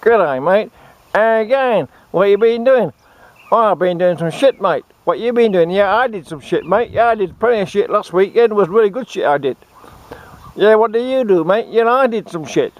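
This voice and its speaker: A man putting on a crude Aussie bloke at a club, loud and broad in his accent. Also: high voice, expressive, moderate pace, pitched above the performer's own voice, low-quality recording. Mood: boisterous. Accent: broad Australian.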